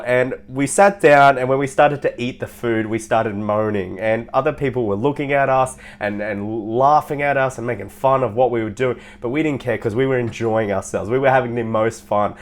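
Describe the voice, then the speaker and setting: Animated man telling stories casually. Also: medium pitch, moderate pace. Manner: animated, laughs and swears while telling anecdotes. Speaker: social life mentor. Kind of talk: casual storytelling monologue.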